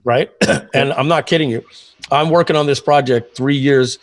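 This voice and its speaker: A man in his fifties, a guest telling long stories in a casual interview, rambling with many fillers and frequent throat-clearing. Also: mid-range voice, fairly even intonation, normal speed, no echo. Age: 50s. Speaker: guest, software entrepreneur.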